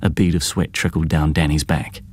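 A man narrates an audiobook in a measured, even way. His voice sits very low, and the recording is dry and close with no room sound. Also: no room sound.

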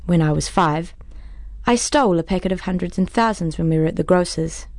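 A woman's voice: on the low side, brisk, darkish tone, no room sound. A woman reading a first-person story aloud in a wry, conversational manner. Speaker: audiobook narrator. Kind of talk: first-person audiobook narration.

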